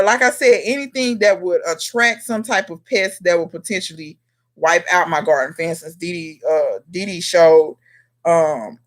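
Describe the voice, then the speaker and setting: A home gardener hosting a casual live question-and-answer stream, chatting straight to viewers by name and scolding them in a teasing way. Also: mid-range voice. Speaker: livestream host and home gardener.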